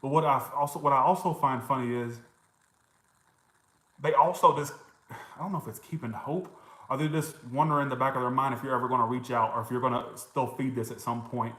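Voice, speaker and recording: A man's voice: mid-range voice, fairly even intonation, brisk, fairly bright tone. Chatty man doing a tarot reading in an echoey room. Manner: chatty, reacts to comments, swears and laughs. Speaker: tarot reader. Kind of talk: casual tarot reading livestream.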